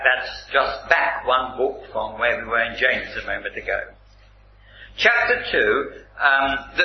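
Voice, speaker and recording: A man preaching at an unhurried pace, his pitch rising and falling widely as he stresses each point. He reads scripture aloud with deliberate weight. The recording is roomy and slightly dull, with faint noise behind. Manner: slow, deliberate and emphatic, reading scripture aloud. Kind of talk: sermon.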